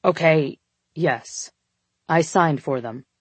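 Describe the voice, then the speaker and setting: A woman voicing a flustered, defensive young man in an audiobook, babbling and shouting back in a panic. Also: low-pitched, takes it slowly, slightly rough, dry recording, heavily acted. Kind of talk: audiobook dialogue.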